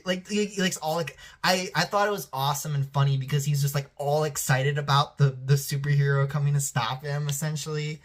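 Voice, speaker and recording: A man's voice: a little high, normal speed, a bit bright. A man talking casually as a reviewer, rambling and swearing freely, with many restarts and fillers. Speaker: show reviewer.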